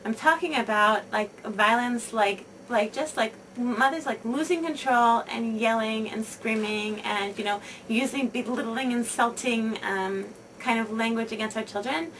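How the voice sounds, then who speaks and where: A woman reading aloud and then talking casually to other mothers, halting, with many fillers and repeated emphasis. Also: a little high, fairly bright tone, recorded from a distance, slight background noise, low-quality recording.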